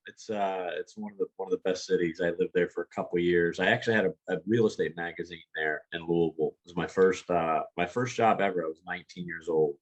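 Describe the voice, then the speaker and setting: A man with a notably low voice talks through the basics as a webinar guest. He is casual and patient, often restarting a phrase before landing it. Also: fairly even intonation, fast talker, few pauses, dull audio. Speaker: sales executive guest. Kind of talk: explanatory webinar talk.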